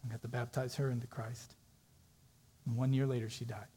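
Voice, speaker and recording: A man's voice: mid-range voice, little pitch movement, brisk, warm tone, husky. A man preaching a sermon, telling a story in a conversational way and acting out the voices of the people in it.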